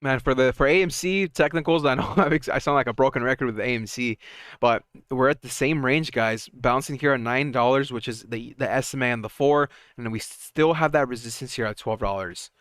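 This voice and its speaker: A young man hosts a live stock market stream in a casual, excitable way, chatting to viewers and laughing between points. His voice is smooth and clear at a middle pitch. The sound is close and dry, with almost no room. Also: brisk, no echo. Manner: excitable, chatty, laughs often, trails off and restarts. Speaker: stock market livestream host.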